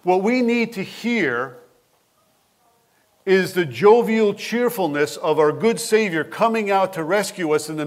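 A man preaching a sermon as pastor, with an expressive, animated delivery who asks his listeners questions directly. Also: a little high.

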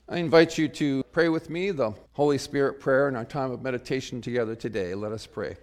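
A pastor delivering a sermon and leading a prayer, earnest and reflective, rising to sudden emphasis on key phrases. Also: male voice, medium pitch, a little fast, few pauses. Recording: long reverb of a large hall.

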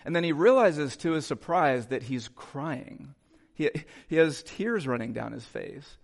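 A male pastor preaching a sermon in a conversational way, with quick asides to the congregation in a church. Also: on the high side, lively intonation, vocal fry. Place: church sanctuary.

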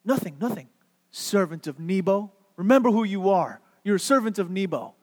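A man's voice: sits high, animated, normal speed. Man playing a bullying ancient official, taunting, dismissive, quoted mid-sermon, hall echo. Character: mocking male Babylonian official, bullying.

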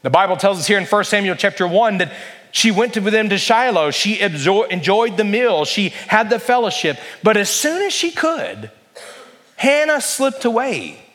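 Man, pastor, sermon, high voice, emphatic, reverberant church hall. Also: very animated, normal speed, fairly bright tone. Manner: earnest, emphatic, varies pace for emphasis.

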